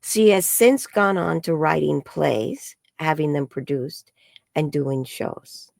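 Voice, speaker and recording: A woman, an energy healer and psychic, telling a story in an interview and acting out the quoted dialogue in a higher voice. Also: slow, gravelly, dry recording, studio quality. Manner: acts out quoted dialogue with high bright voices.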